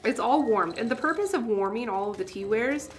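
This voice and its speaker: Chatty woman on a tea stream, laughs at her own jokes, soft classical music faint behind her. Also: on the high side, expressive, a little fast. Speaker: tea seller hosting a live stream. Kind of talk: casual livestream talk.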